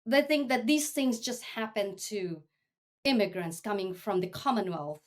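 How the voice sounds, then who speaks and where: A woman's voice: medium pitch, moderate pace. A woman hosts a casual interview conversation. She is from the United States and asks probing questions in a reflective way, taking her time between thoughts. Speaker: interview host.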